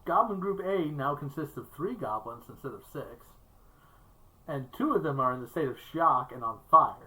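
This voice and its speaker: A woman's voice: sits low, expressive, moderate pace, pushed and bright, poor audio. A woman narrating as game master of a tabletop game, laughing often and talking loosely with fillers.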